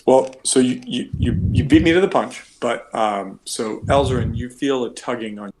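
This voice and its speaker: A man's voice: mid-range voice, moderate pace. Male game master, casual, filler-heavy narration over a video call, faint background noise.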